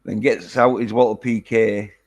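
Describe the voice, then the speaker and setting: A man's voice: fairly low pitch, fairly even intonation, normal speed, vocal fry, darkish tone. A man casually chatting through a film review, rambling with lots of fillers and casual swearing. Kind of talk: casual chat.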